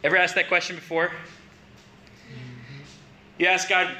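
Male preacher, bright and higher-pitched, conversational sermon delivery with emphatic rises. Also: completely flat delivery, measured pace, pauses often. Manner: conversational, rising to emphatic questions.

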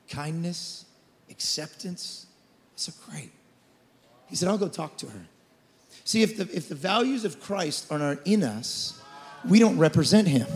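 A man in his forties preaching a sermon as lead pastor, passionate, swinging from shouted declarations to quiet storytelling. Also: sits high. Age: 40s. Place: church auditorium. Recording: church hall reverb.

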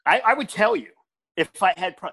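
Older comedian guy, kinda high voice, swears a ton, blunt and punchy. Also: lively intonation, brisk, vocal fry, sharp tone, slightly rough. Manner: blunt, profane, emphatic storytelling. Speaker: stand-up comedian, podcast guest. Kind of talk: casual podcast chat.

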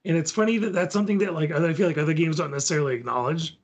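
A man co-hosting a podcast talks in a rather high voice and at a very fast clip. He's easygoing as he walks listeners step by step through gaming material in a casual tabletop chat.

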